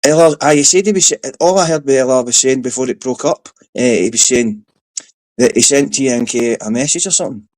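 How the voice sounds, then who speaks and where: A man co-hosting a live stream in casual chat, sweary and quick to laugh, saying bro and aye. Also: medium pitch, a little mellow, no room sound.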